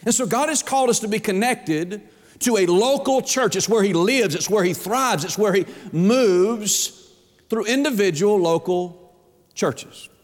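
A Southern US pastor preaching in a high, bright register, emphatic and folksy as he presses his points with rhetorical questions. His voice rings through a large sanctuary, trailing a long reverb tail. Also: unhurried. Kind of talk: sermon. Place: church sanctuary.

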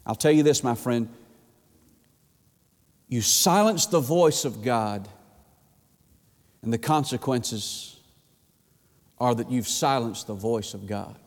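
A male pastor preaching a sermon, swinging from high, urgent pleas to hushed low tones and stammering when fired up. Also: slow, pauses often. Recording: long reverb of a church hall.

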